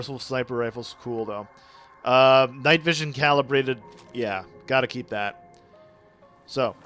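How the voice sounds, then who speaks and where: A young Canadian man streaming gameplay live, chatting excitedly with viewers and apologizing a lot. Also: medium pitch.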